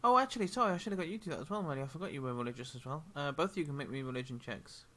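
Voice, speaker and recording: A man narrating as game master for a tabletop game stream, rambling with many ums and quick apologies. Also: a little high, bright, forceful tone. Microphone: headphones with a desk mic.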